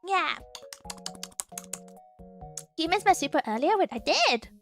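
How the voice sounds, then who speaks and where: Very high, bright, giggly woman. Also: quick pace, faint music behind. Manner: giggly, excitable, talks to chat. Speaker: streamer host. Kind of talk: casual chat with live chat.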